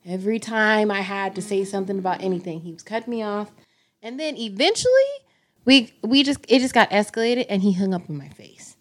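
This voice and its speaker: A woman guest on a podcast, telling a personal story in an animated, indignant way. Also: medium pitch, brisk. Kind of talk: casual chat.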